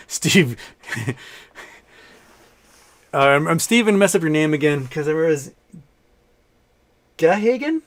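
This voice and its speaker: A man's voice: fairly high pitch, sing-song, takes it slowly, long pauses. Man, middle-aged, live-stream host at a home desk mic, loose rambling chat, laughs a lot. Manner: rambling, reading chat aloud, laughs often. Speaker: livestream host.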